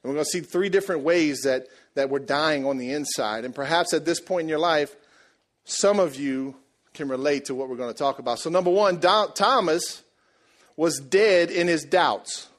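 A man preaching a sermon, telling the story in a lively, joking way and acting out the people in it. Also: a little high, brisk. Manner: animated, jokey storytelling, acts out voices. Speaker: pastor.

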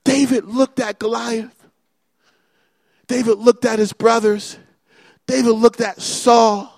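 A male pastor preaching a fervent, repetitive sermon that builds to shouting. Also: very high-pitched, little pitch movement, slow pace, gravelly, pauses often, no echo, studio quality.

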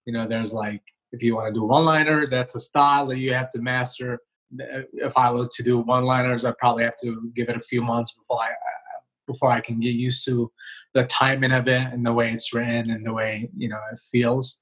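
A male comedian talking casually in an interview over a video call, relaxed and rambling with many fillers and restarts. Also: medium pitch, a little fast, breathy edge, rough recording. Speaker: comedian guest. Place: home, remote video call.

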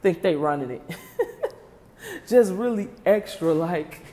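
A woman's voice: fairly low pitch, slow. Woman ranting with laughs in a reverberant room. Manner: animated, rhetorical questions, frequent laughter. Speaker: vlogger. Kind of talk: casual comedic rant to viewers.

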